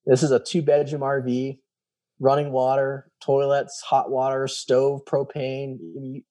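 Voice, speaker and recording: Man with a dark, mellow voice telling a story. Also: mid-range voice, measured pace. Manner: animated, acts out quoted dialogue; many fillers and repeated "I was like". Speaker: guest telling his story. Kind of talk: casual storytelling.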